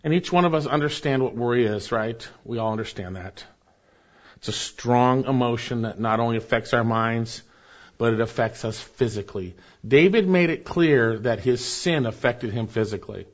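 A pastor preaches with rising emphasis and soft, low drops. His voice sits at a middle pitch for a man. The recording is a little dull and muffled. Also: normal speed. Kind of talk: sermon.

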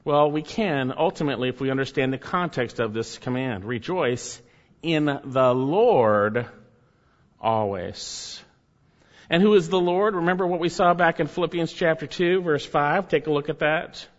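A man preaching a sermon as pastor, emphatic, repeating key phrases and slowing down to stress words. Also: a little high, big-room sound, muffled recording.

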